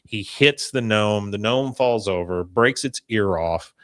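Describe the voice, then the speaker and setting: A man's voice: fairly low pitch, unhurried, no room sound, clean studio sound. A man co-hosting a podcast, casually retelling scenes and quoting the dialogue, with lots of fillers. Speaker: podcast co-host. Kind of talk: casual episode recap.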